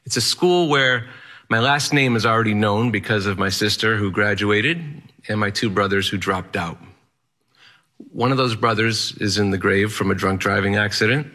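A man's voice: lowish voice, pushed and bright. A man telling a personal story in the first person, candid and wry, in a matter-of-fact manner.

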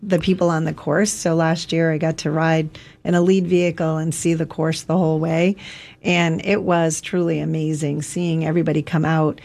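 Guest on radio talk show: woman, relaxed chatty talker, lowish voice. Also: normal speed, creaky. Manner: relaxed, chatty with many ums. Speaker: executive director of the race, guest. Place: radio studio.

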